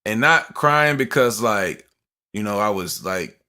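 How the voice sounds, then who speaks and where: A young adult man co-hosting a podcast, telling a personal story in animated, slangy casual talk. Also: on the low side, a little slow. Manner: animated storytelling, slangy, acts out quoted voices. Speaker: podcast co-host.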